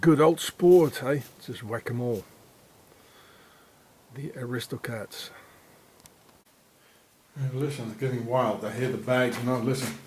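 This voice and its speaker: A man rambling in a sardonic monologue while feeding cats, often dropping into low muttered asides. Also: a little slow, pauses often, a little mellow, breathy edge. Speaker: vlogger.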